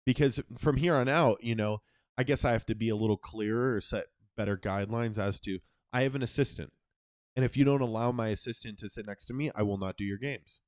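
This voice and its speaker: A young man co-hosting a casual podcast, telling a story in a profane, animated way. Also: medium pitch, brisk, no echo, clean studio sound. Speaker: podcast co-host.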